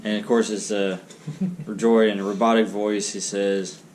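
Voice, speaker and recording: Male game master, lower voice, playful narration, light noise under it. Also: little pitch movement, measured pace, darkish tone. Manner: jokey, laughs often. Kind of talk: narrating a tabletop role-playing game.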